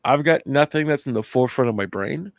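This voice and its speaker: Gravelly sleepy guy, dry close mic. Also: medium pitch, lively intonation, a little fast, no room sound. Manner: laughing, flustered, self-deprecating. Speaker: panelist. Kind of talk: casual chat.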